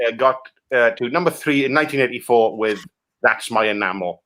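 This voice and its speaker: A man from Wales, a guest on a comedy show, pitching absurd products in rambling, sweary banter. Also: a little fast, a bit bright. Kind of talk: improvised comic pitch.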